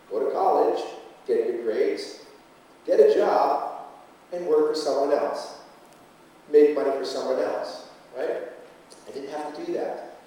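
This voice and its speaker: A man's voice: fairly high pitch, mellow. Man giving a punchy speech in an echoey hall. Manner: punchy, rhetorical, asks the crowd questions. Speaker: motivational speaker. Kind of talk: motivational speech to a live audience. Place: conference hall. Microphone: room recording from far off. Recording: echoey hall, recorded from far off.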